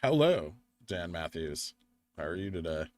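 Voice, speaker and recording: A man's voice: deep voice, very animated, measured pace, darkish tone. A tired young man from the United States hosting a live stream, rambling casually while he reads the chat and the charts. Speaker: livestream host.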